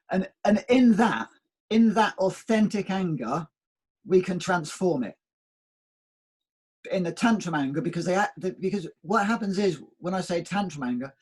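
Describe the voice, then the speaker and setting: A man in reflective conversation, telling stories at an easy pace and circling back over his words. His voice is a touch high and husky. The talk is casual spiritual chat. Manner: reflective, storytelling, repeats words. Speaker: co-host.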